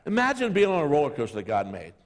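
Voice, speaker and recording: A man's voice: fairly high pitch, wildly swooping pitch, racing. A middle-aged man preaching a sermon as pastor, telling jokey stories and acting out voices. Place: church sanctuary. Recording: long reverb of a hall.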